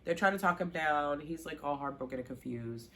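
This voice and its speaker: A woman recapping a TV season in a casual, animated way, acting out the characters' lines and gushing over favorite scenes. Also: sits low, brisk. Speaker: show recap vlogger.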